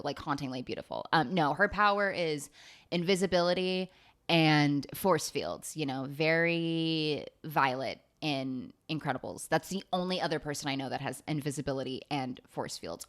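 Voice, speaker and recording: A woman in her late twenties doing a rambling, profane, self-mocking comedic monologue. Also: low-pitched. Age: 20s. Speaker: comedian host.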